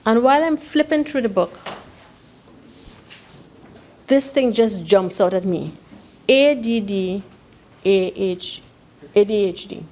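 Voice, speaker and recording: A woman's voice: mid-range voice, lively intonation, slow, long pauses, mellow. A woman speaking in parliament, telling a story and acting out the dialogue in it. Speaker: member of parliament. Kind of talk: parliamentary speech. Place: parliament chamber.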